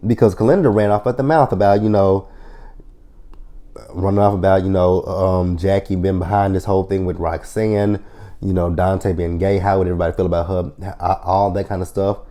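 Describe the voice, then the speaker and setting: A man's voice: sits low, fairly quick. Profane man recapping a TV episode. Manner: profane, blunt storytelling; animated retelling with quoted lines. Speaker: TV show reviewer. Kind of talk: casual episode recap review.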